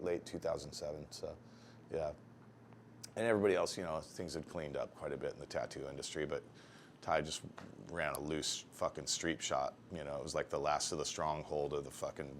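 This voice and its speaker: A man with a very deep voice tells loose, rambling stories from his years tattooing, swearing constantly in a relaxed, offhand way. He livens up when he acts out what people said, then settles back into a low, easygoing delivery. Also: brisk, slight background noise. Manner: heavily profane, rambling anecdotes; animated when acting out dialogue. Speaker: tattoo artist interviewee. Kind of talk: casual storytelling interview.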